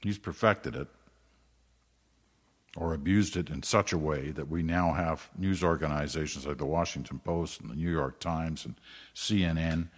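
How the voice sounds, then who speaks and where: A man's voice: rumbling low, moderate pace, husky, big-room sound. An older man hosting a podcast, talking casually and wandering into asides with some self-deprecating humor. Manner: conversational, digressive, self-deprecating. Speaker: podcast host. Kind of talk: casual solo podcast commentary.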